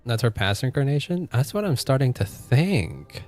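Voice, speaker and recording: With faint game music in the background, a man streams a game and talks to his chat in a chatty, reactive way. His voice is mid-range and sing-song with a darkish tone, moving at normal speed.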